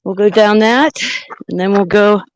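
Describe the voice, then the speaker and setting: A woman's voice: medium pitch, normal speed, no room sound, rough recording. A woman vlogging outdoors on a mountain trail, chatting and thinking aloud into a handheld camera as she hikes. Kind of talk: casual walking vlog narration.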